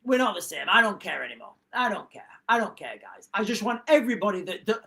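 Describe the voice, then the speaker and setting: A man from England hosts a live stream, ranting fast in a high, sing-song voice that's creaky, pushed, and bright. He rambles casually, repeating himself and chopping off his own sentences.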